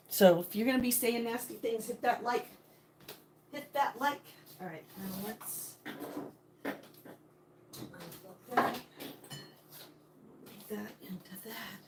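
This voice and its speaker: A middle-aged woman chatting casually with viewers on a home livestream, laughing often and sometimes dropping to a hushed voice. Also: on the high side, a little hiss or hum. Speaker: livestream host.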